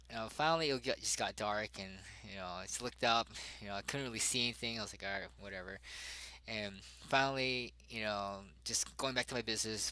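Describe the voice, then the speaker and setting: A young adult man, a father, telling a personal story in a halting way, full of fillers and restarts. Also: on the low side, bright, forceful tone, no echo, rough recording.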